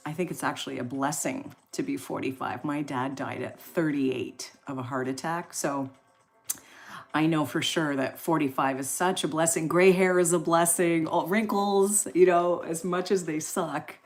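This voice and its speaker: A woman's voice: low-pitched, fairly even intonation, moderate pace. A woman in her forties hosting a casual live stream, chatting and reading out viewer comments in a rambling way with lots of fillers. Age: 40s.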